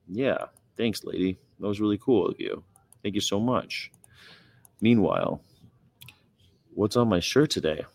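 A man's voice: fairly low pitch, expressive, a little slow, creaky, pauses often, no room sound. A man hosting a casual livestream, rambling and greeting viewers and reading their comments aloud. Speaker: livestream host.

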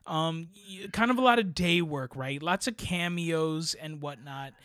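A man co-hosting a casual movie podcast, giving blunt, animated opinions with slangy asides. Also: on the high side, a little slow, no room sound, studio quality. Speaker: podcast co-host. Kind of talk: casual chat.

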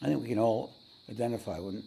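Mellow, gravelly spiritual teacher. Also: male voice, medium pitch, quick pace, slight background noise. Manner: rambling, frequent throat-clearing and fillers. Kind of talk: storytelling talk to a meditation audience.

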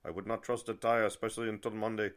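A man doing a halting German car dealer, slow, hemming and hawing, low-pitched. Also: flat delivery, lightly acted. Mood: cautious. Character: hesitant middle-aged male German car dealer.

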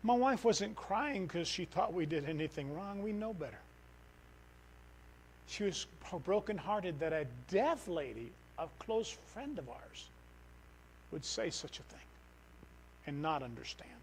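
A middle-aged man with a high, light voice preaches to a church congregation. He is animated and storytelling, jumping from near-shouted outbursts to hushed, soft-spoken moments. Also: a little slow, pauses often, slight background noise, low-quality recording. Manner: animated, swings from loud outbursts to quiet. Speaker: missionary preacher. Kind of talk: sermon.

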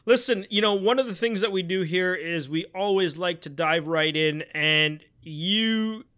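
Upbeat higher-voiced male podcast host. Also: unhurried, pushed and bright, smooth. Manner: upbeat, scripted-sounding introduction. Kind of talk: podcast hosting and interviewing.

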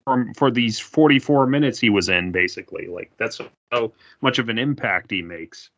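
Bright-voiced man saying "like" constantly. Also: on the low side, normal speed. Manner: filler-heavy, says like constantly. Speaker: podcast co-host. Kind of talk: casual chat. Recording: dull lo-fi sound.

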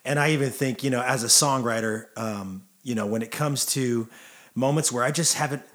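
An upbeat man in his forties hosts a relaxed church conversation. He sits at an average pitch and talks in an encouraging, easy way, urging listeners on with friendly energy. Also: moderate pace. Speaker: host, church songwriter. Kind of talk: casual faith conversation.

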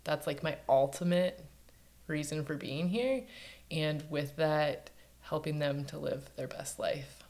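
A woman with a very low voice, speaking as a podcast guest. She talks about her work in an earnest, reflective way. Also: slow, a little mellow. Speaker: podcast guest, yoga teacher. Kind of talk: casual chat.

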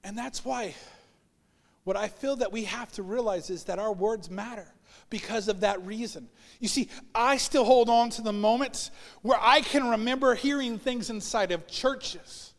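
In a large church sanctuary, a man with a very high-pitched voice preaches a sermon as pastor, speaking a little slowly. He shares personal stories and acts out the voices of the people he quotes.

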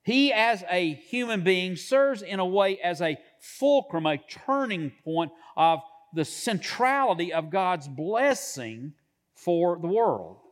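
A man pastor delivering a sermon from the pulpit, measured, slowing down to stress key words. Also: high-pitched, animated. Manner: measured preaching with drawn-out emphasis.

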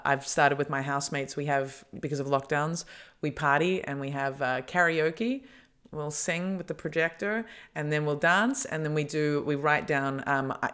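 Bright-toned lady hosting a podcast, blunt and jokey, just chatting. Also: low voice, clean tone. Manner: blunt, joking, laughs often. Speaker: podcast host. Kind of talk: casual chat.

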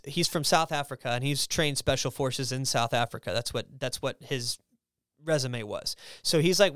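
A man in his thirties telling a personal testimony as a podcast guest, casual and animated, often slipping into other people's voices as he retells what they said. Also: clear, resonant tone, dry recording, studio quality. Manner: animated, acts out quoted voices in a raised pitch; casual, filler-heavy with frequent restarts.

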